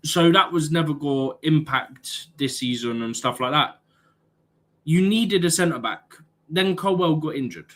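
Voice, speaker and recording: A man's voice: a little high, a little slow, a bit bright. A man co-hosting a football live stream, arguing his points and tagging "yeah?" onto them in casual chat.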